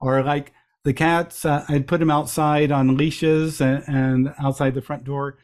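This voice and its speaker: A middle-aged man telling lively anecdotes as an interview guest, with frequent restarts and playful voices for quotes. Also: a little high, a little slow. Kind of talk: storytelling in a conversational interview.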